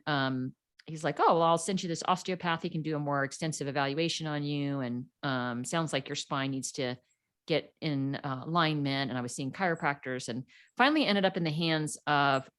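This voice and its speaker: A woman's voice: low voice, a bit bright. A middle-aged woman, a podcast guest, telling her story in a casual interview and acting out the people she quotes.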